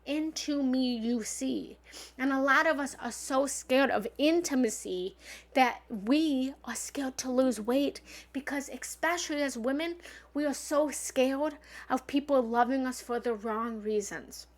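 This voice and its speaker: Blunt woman love coach on a live stream, voice on the higher side, goes loud then soft, swears now and then. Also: unhurried. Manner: emphatic, swinging from loud bursts to soft asides. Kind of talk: livestream self-help coaching talk.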